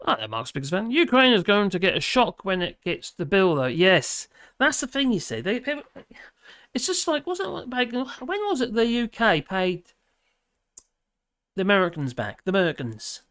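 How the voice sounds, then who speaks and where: A man's voice: sits high, very animated, moderate pace, a bit bright, no echo, studio quality. A man hosting a casual livestream, reading viewer comments aloud and rambling with many fillers and restarts. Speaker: livestream host.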